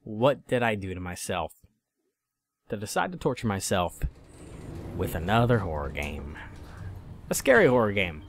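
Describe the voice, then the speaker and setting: A man's voice: lowish voice, very animated, moderate pace, long pauses, a little hiss or hum. A man commentating a horror game he is playing, jumpy and swearing, talking back at the game. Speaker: gaming YouTuber.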